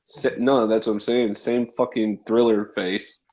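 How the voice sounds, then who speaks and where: A man's voice: lowish voice, flat delivery, unhurried, darkish tone. A man co-hosting a movie review show, chatting casually with short, laid-back, cussing remarks. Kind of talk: casual chat. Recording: dull lo-fi sound.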